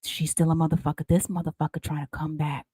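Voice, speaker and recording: A woman's voice: sits low, level tone, mellow, slightly rough. Blunt, laughing tarot reader woman. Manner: blunt, swears freely, laughs often, slows to stress advice. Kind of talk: casual tarot reading to camera.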